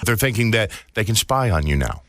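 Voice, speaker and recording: A man's voice: fairly low pitch, sing-song, brisk, fairly bright tone. A man co-hosting a podcast, easygoing and wry in casual chat. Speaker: podcast co-host.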